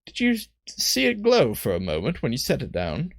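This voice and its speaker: A man's voice: medium pitch, huge pitch swings, creaky, dry recording, studio quality, voice pushed up, heavily acted. A man putting on a wise female mage in a wobbly British lilt. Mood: knowing. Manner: attempted British accent, halting. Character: female mage companion, calm and knowing.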